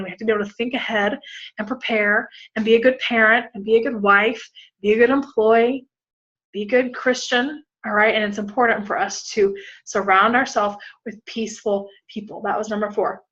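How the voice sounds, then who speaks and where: A woman's voice: mid-range voice, fairly even intonation, a little fast, bright, forceful tone, muffled recording. A woman in her thirties, a pastor giving a frank conference breakout talk, often checking in with "all right?" and "okay?".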